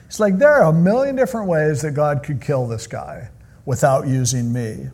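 Male pastor with a husky, mellow voice and a slightly high pitch, delivering a conversational sermon. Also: normal speed. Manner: animated, conversational storytelling.

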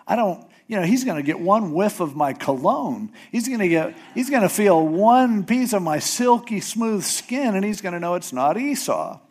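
A man voicing a nervous young man who protests in a high, incredulous voice while retelling a story in a sermon. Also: lively intonation, moderate pace, few pauses, darkish tone. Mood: protesting. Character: whiny anxious young man, Jacob.

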